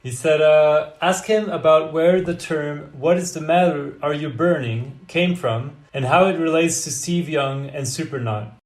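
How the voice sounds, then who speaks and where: Man, fairly high voice, echoey room, podcast host reading questions. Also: a little slow, hardly any pauses.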